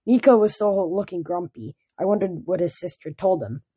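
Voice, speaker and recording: Husky woman reading a novel aloud. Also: on the low side, expressive, normal speed, warm tone. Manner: plain first-person narration with small restarts. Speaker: reader.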